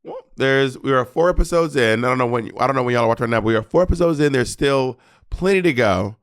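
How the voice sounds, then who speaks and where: A man with an Atlanta Southern accent co-hosting a podcast, sassy and theatrical in quick banter. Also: mid-range voice, expressive, dry recording, studio quality. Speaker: podcast co-host.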